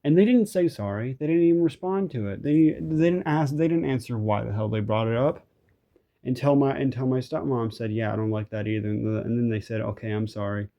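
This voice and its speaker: A man's voice: medium pitch, animated, a little fast, highs cut off. A young man venting in a frustrated, rambling rant, swearing often and restarting his sentences. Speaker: vlogger. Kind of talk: ranting vent recording.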